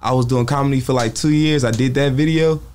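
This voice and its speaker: A young man with a Bay Area accent telling stories from his start in comedy in a relaxed, slangy interview chat. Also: mid-range voice, a little fast, a little hiss or hum. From Bay Area, California. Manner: laid-back storytelling with slang. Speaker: comedian guest.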